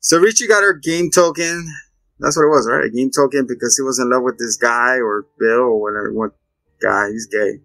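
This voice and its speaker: A man hosting a casual movie review chat, retelling scenes in an animated way and acting out the characters. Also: mid-range voice, fairly quick, gravelly, no room sound. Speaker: movie review show host.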